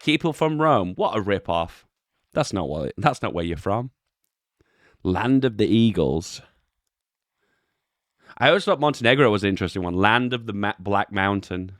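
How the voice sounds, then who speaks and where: Laid-back man, low voice. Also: normal speed, long pauses, no room sound, studio quality. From England. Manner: relaxed, chuckling, swears offhandedly. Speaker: YouTube host reviewing memes. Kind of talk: casual commentary.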